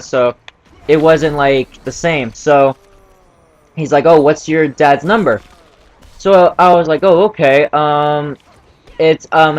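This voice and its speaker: A man's voice: fairly high pitch, muffled recording. Rambling teenage boy telling a story. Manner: rambling, full of fillers and restarts. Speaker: vlogger. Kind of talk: casual storytelling.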